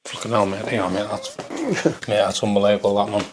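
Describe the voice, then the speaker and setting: A man's voice: fairly low pitch, lively intonation, a little fast, a little hiss or hum. A man hosting a podcast interview. He is supportive, often saying "mate.". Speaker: podcast host. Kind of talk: casual interview.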